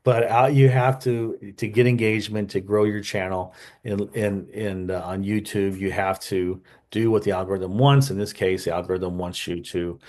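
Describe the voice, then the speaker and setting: A man's voice: fairly low pitch, fairly even intonation, normal speed, few pauses, a little mellow. A man hosting a history channel, talking casually and unscripted, full of fillers, asides and wry jokes. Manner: rambling, conversational, many fillers and asides.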